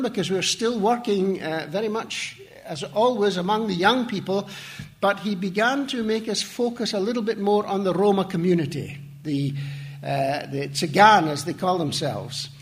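High-voiced man telling a testimony. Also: moderate pace. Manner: earnest storytelling with hesitations and self-deprecating asides. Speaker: missionary speaker. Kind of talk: testimony talk to a congregation.

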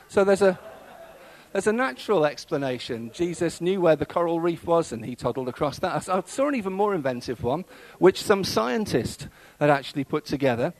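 A man's voice: on the high side, expressive, fairly quick, poor audio. Man preaching a conversational sermon. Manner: conversational, with many fillers and restarts.

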